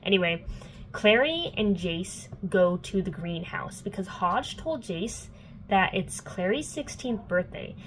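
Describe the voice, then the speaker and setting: A woman's voice: medium pitch, expressive, measured pace, soft background music, low-quality recording. A young adult woman recapping a book in casual vlog chat. She fills her talk with "like" and swears freely. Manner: chatty, peppered with "like" and swearing. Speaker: book vlogger.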